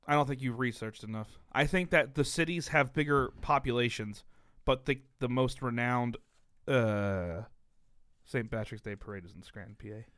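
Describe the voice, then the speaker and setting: A man's voice: mid-range voice, moderate pace, fairly bright tone, clean tone, no room sound, clean studio sound. A man from the United States in casual podcast chat, blunt and profane, ranting with heat. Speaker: podcast co-host.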